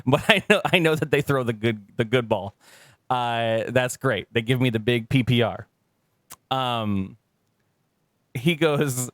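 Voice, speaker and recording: A man co-hosting a podcast, swapping jokes and laughing through his stories. He sits in the middle range of pitch and sometimes jumps into silly high voices for the people he quotes. The room sound is dry, with no echo at all. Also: measured pace, pauses often. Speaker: podcast co-host. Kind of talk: casual podcast banter.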